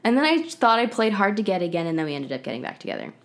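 A woman's voice: mid-range voice, sing-song, racing. A woman in her twenties, a guest on a podcast, casually telling a personal story with lots of "like" and "um". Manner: chatty, heavy use of "like" and "um".

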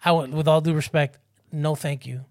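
A man in his thirties telling a story in casual chat, animated and profane, acting out other people's voices. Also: moderate pace. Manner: animated, profane, acts out voices with big pitch jumps.

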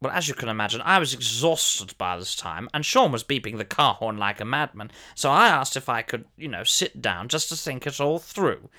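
A man's voice: mid-range voice, animated, normal speed, few pauses, sharp tone. A man playing a pompous, posh older former soap actor who tells a comic monologue in a plummy, theatrical voice with sudden shrieks.

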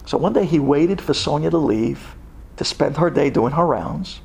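A man telling a dramatic story in an animated way, dropping in Hebrew words. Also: fairly high pitch, moderate pace, vocal fry, husky.

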